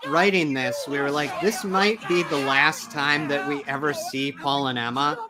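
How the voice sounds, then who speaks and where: A man's voice: a little high, moderate pace. A man, a cast member and co-writer, chatting casually and acting out things said in the past. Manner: animated, acts out past quotes. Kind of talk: casual group chat.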